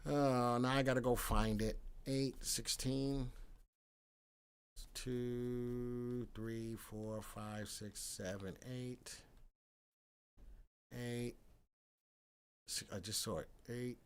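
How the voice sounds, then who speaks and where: A man in the middle of his own range hosts a casual stock market live stream. He chats with viewers by name and thinks out loud as he works. His voice swings from a mutter to loud excitement when he reacts to the chat. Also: medium pitch, clean tone. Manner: chatty, thinks aloud and answers viewers by name.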